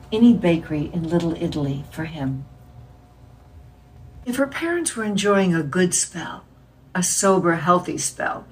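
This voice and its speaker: A woman reading a novel aloud in a measured, expressive way. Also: fairly low pitch, recorded from a distance, poor audio. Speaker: reader.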